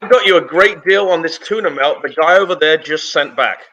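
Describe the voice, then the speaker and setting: High-voiced comedian man with blunt dark jokes. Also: fairly quick, lo-fi sound. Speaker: comedian panelist. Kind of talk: improv comedy game show answers.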